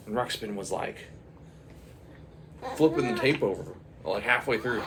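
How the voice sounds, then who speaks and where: A man's voice: medium pitch, expressive, a little slow, pauses often, noisy background. A man telling a rambling comic story, full of sound effects and put-on voices. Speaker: comedic storyteller.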